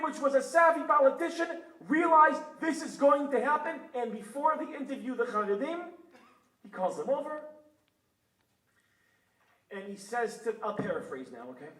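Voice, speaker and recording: Animated Israeli-born man lecturing in a hall. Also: very high-pitched. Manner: animated storytelling, acts out quotes loudly. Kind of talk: public lecture. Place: synagogue hall. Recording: roomy hall sound from far off.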